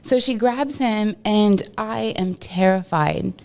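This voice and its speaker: A woman from Texas, a podcast guest, telling stories in an animated, casual way and laughing often. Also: mid-range voice, slow pace, vocal fry. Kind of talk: casual storytelling interview.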